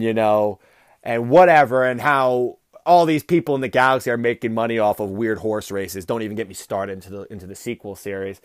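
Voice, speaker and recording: A man's voice: mid-range voice, dry recording, studio quality. A man hosting a podcast, ranting through a casual comedic review with a profane, rambling delivery. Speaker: podcast host.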